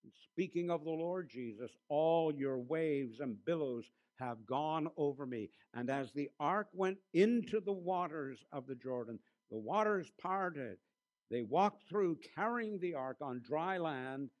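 A male pastor preaches a sermon in a slightly higher voice. He leans hard on key phrases, slowing each word. He sinks into a hushed tone when he tells a story. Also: animated, dull audio. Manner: preaching with emphatic slowed phrases and quiet storytelling asides.

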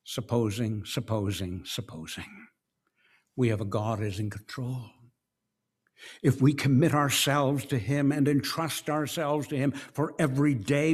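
A middle-aged man preaching a sermon, slow and deliberate, swinging between hushed and raised passages. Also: medium pitch. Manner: slow, with dramatic swings between soft and loud.

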